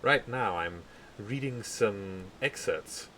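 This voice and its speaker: Very deep-voiced, tired male streamer. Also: lively intonation, pushed and bright, a little hiss or hum, low-quality recording. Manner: slow and measured, stumbling over words. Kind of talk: live game commentary and story reading.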